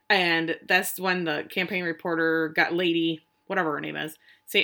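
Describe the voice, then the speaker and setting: A woman's voice: on the low side, flat delivery, normal speed, hardly any pauses, pushed and bright. A woman co-hosting a podcast, casually retelling scenes from a show with frank, salty asides. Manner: casual, frank retelling with swearing and acted quotes. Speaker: podcast co-host recapping a TV episode. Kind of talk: casual chat.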